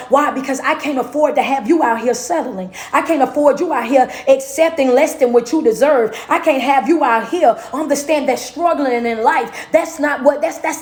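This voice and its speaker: A woman's voice: sits high, a little mellow, roomy sound. A woman motivational speaker and life coach, giving a preachy, folksy talk that repeats and chants phrases and calls listeners "baby" and "y'all". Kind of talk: motivational live-stream talk.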